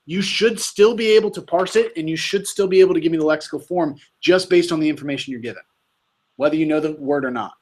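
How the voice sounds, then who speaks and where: A man's voice: a little high, fast, a little mellow. A man tutoring students in Greek grammar, patient and quizzing them on verb forms. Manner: patient, quizzing, says "you tell me". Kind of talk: casual tutoring session.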